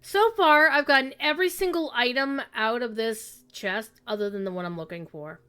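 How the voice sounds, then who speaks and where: A woman's voice: on the high side, a little fast, sharp tone. A woman streamer giving wry, chatty commentary while playing a game. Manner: chatty, wry, throat-clearing. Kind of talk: casual gameplay commentary.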